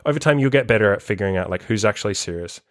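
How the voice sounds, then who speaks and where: A man's voice: fairly low pitch, lively intonation, racing, dry recording, clean studio sound. A man who coaches people on self-improvement, talking in a blunt, profane, casual monologue full of "like" and acted-out quotes.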